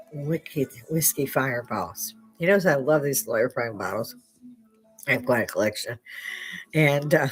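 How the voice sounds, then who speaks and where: An older American woman hosting a livestream from her home bar, chatting in a rambling way and laughing often, on a headset mic. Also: low voice. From United States. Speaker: livestream host. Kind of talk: casual chat. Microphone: headphones with clip-on mic.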